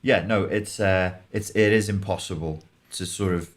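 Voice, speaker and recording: A middle-aged man talks in a loose, casual chat. His voice sits fairly low. He swears freely and keeps breaking into mocking impressions of other people. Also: fairly even intonation, moderate pace. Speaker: podcast co-host.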